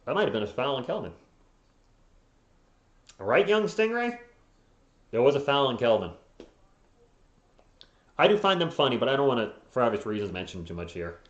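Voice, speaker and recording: A man's voice: mid-range voice, sing-song, fast, pauses often. A man doing laid-back fan play-by-play on a live stream, breaking off to answer chat and laugh at comments. His mid-range voice sits in a roomy space, and the sound is a little dull. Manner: casual, chuckling, reads viewer comments between plays. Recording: roomy, slightly dull home stream audio.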